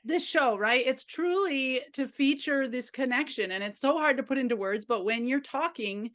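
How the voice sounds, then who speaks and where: A woman hosting a podcast, speaking in a warm, appreciative way. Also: high voice, moderate pace, dry recording. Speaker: podcast host. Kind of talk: casual podcast chat.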